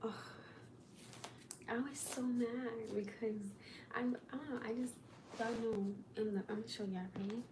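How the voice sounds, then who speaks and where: A woman's voice: fairly high pitch, fairly even intonation, moderate pace, noisy background. A woman casually chatting to viewers on a livestream, talking in an exasperated, chatty way to the people watching.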